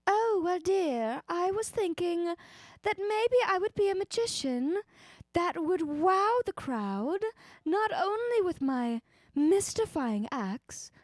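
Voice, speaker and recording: A woman voicing a grand female magician in a put-on transatlantic accent, speaking in a lilting, theatrical, drawn-out way. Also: very high-pitched, lively intonation, no echo, clean studio sound, voice pushed up, heavily acted. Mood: grandiose. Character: grand female magician, old Hollywood airs.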